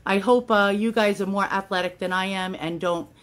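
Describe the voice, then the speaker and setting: A woman's voice: medium pitch, steady tone, normal speed. A woman giving a casual home how-to demonstration while filming on a handheld phone, chatty and self-deprecating with plenty of fillers. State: out of breath at times. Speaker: YouTube channel host.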